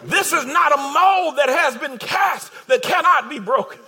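A man's voice: very high-pitched, a little slow, sharp tone. A man preaching a sermon, building his points through repeated phrases and calling out to the congregation.

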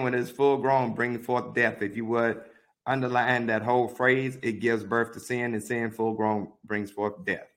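A man teaching a Bible study, reading verses aloud and pausing to give deliberate, repeated marking instructions. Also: mid-range voice, a bit bright. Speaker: pastor.

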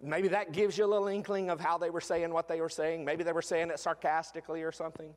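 A man's voice: a little high, little pitch movement, fast, big-room sound. A man preaching a sermon in a conversational way, with frequent fillers and restarts.

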